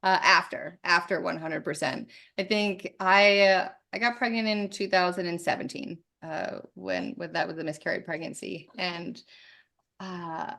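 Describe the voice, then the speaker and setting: Gravelly, candid woman guest. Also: lowish voice, measured pace. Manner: candid, animated, swears freely. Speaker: podcast guest. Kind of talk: casual conversation.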